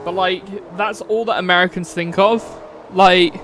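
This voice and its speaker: High-voiced man chatting while gaming. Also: steady tone, a little slow, hardly any pauses. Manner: rambling, chatty, swears casually. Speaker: streamer. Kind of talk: casual live-stream chat while racing. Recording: game car sounds loud behind voice. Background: racing game engine noise.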